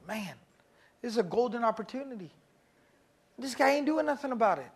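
A man's voice: sits high, unhurried, vocal fry, breathy edge, full character voice. A man voicing a pushy young male classmate who keeps whispering and urging someone to prank a sleeping student.

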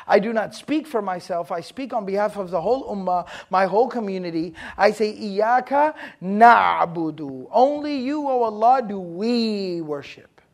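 An Islamic teacher with a very high voice delivers a religious lesson to a live audience in a room. He speaks animatedly, quizzes his listeners, and repeats points to stress them.

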